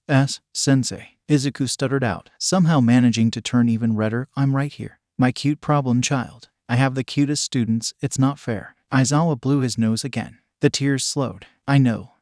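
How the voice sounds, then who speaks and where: A man's voice: mid-range voice, darkish tone, no echo. Man evenly reading a story, dry sound. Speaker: fan fiction narrator. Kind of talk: scripted narration.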